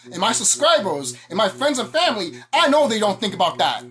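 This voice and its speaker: A woman's voice: mid-range voice, very animated, a little fast, fairly bright tone. A woman vlogger delivering an angry, profane, confrontational monologue to her viewers. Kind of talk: ranting monologue to camera.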